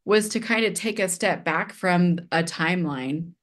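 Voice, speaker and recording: A middle-aged woman speaks as a guest in a relaxed conversation. She tells stories with animation, slipping into the voices of the people she quotes. Her voice sits a little low for a woman. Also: unhurried. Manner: animated, acts out quoted dialogue, many fillers like "like". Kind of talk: casual conversational storytelling.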